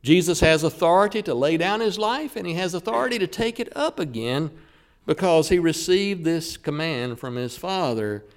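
A man preaching a sermon, who slows down and leans hard on the words he wants to stress. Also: on the high side, animated.

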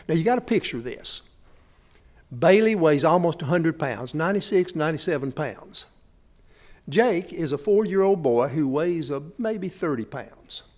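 A man's voice: a little high, darkish tone. Folksy storytelling preacher, man. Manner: folksy storytelling, talks straight to the audience. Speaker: pastor. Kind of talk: sermon.

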